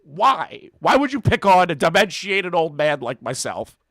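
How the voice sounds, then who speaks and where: A man's voice: sits high, big pitch swings, a little slow, creaky, fairly bright tone, dry recording, heavily acted. A man putting on the voice of a confused, frail old man, whiny and helpless.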